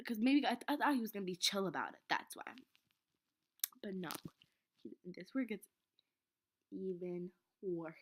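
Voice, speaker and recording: A teenage girl vlogs a rambling, flustered account of an embarrassing moment, her medium-pitched voice animated at a moderate pace with long pauses. She often drops to a whisper in this casual storytelling vlog.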